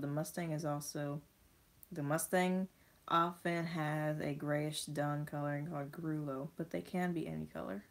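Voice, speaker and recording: A woman's voice: deep voice, steady tone, normal speed. A young woman chatting casually as she unboxes toy horses, rambling and reading bits of text aloud. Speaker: vlogger.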